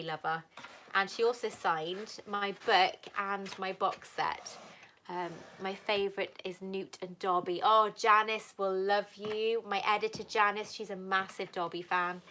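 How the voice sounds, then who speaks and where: A woman in her thirties from Wales, hosting a casual live Q&A and chatting warmly with viewers, calling them "lover" and "sweetheart". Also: mid-range voice, slight background noise. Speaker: livestream host answering viewer questions.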